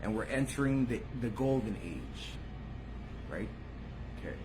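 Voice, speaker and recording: A man hosting his own channel, talking casually to viewers in street slang. He swears freely and swings between low mutters and loud bursts. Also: animated, measured pace, noisy background. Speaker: channel host.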